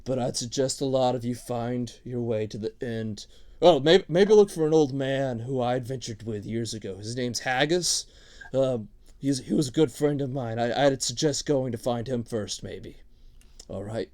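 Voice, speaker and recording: An old orc boat captain, gruff but tender, talking in a fatherly, halting way, as a man puts him on. The voice is mellow and soft-edged and stays close to the man's own voice, like a voice in a tabletop game. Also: medium pitch, natural voice. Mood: fond farewell.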